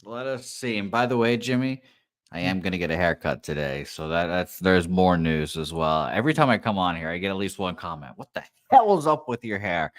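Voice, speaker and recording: A low-voiced man chats loosely and rambles, full of "uh" and "you know", joking at his own expense. His voice is dry and close on the mic, with no room around it. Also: fairly quick, dry recording. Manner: rambling, self-deprecating, many fillers. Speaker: co-host. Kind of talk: casual chat and race calling. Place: his new apartment.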